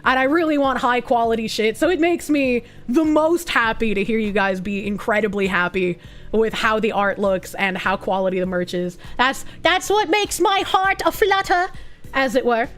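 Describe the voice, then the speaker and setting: A woman's voice: a little high, normal speed, a bit bright, soft background music. A woman streamer chatting casually and reacting to chat, blunt, sarcastic and heavy on swearing. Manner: blunt, profane and sarcastic, with frequent laughs.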